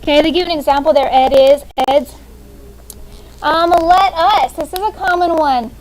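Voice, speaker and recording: A woman's voice: high-pitched, normal speed, rough recording. A woman in her thirties teaching a classroom grammar lesson, upbeat and often checking in with "okay?". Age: 30s.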